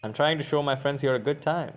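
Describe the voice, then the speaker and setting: A man's voice: fairly high pitch, quick pace, faint music behind, natural voice. A man playing a cocky, teasing rogue. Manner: smug, teasing banter. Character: cocky roguish male guide, teasing.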